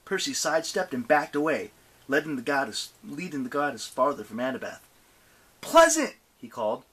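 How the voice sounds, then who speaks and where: A man reading a novel aloud as an audiobook narrator, with animated, expressive delivery. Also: mid-range voice, fairly quick, husky.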